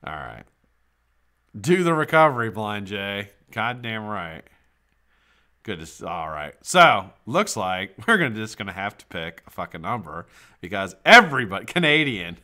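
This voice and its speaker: A man hosting a live stream trivia giveaway in casual chat, swearing freely and jumping into loud excited shouts. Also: on the low side, a little fast. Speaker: livestream host running a trivia giveaway. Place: home streaming setup.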